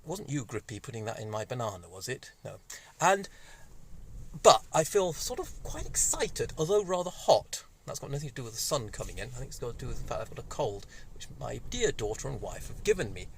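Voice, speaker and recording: A man in his fifties, rambling and excitable in a casual monologue, speaking through a cold. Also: mid-range voice, brisk, slight background noise. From Wales. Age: 50s. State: has a cold. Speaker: vlogger. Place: indoors, sunny room.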